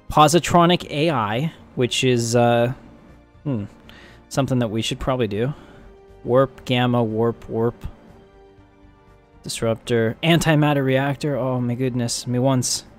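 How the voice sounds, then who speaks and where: A man live-streaming a strategy game, chatting casually, joking and laughing often as he thinks aloud. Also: mid-range voice.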